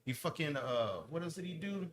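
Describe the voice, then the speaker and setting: A man and lowrider owner, ranting heatedly in casual podcast chat, with slang and heavy swearing. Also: expressive, moderate pace, a crowd in the background.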